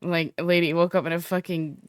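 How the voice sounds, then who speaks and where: A woman's voice: on the low side, flat delivery, a little fast, clear, resonant tone, no room sound. A woman streamer chatting casually and profanely with her viewers, rambling half to herself. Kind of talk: casual chat to stream viewers while setting up a roleplay character.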